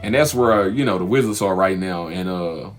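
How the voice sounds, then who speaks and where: A man's voice: sits low, moderate pace, faint music behind. Chatty man reviewing a TV episode. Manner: animated, loose and conversational with many fillers and restarts. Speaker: TV recap host. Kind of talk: casual spoken TV episode review.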